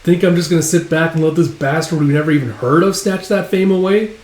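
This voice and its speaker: A man's voice: fairly high pitch, quick pace, a little mellow, pitched above the performer's own voice, lightly acted. A man voicing a boastful, hotheaded young male mercenary in a raised, brash voice. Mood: cocky. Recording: roomy echo.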